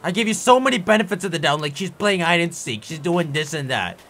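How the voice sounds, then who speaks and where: A young man talks over his gameplay in a high, bright voice that leaps all over the place. He rants with theatrical anger, and faint music plays behind him. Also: fast talker. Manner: animated, theatrically angry ranting. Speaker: gaming YouTuber. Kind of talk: casual gameplay commentary.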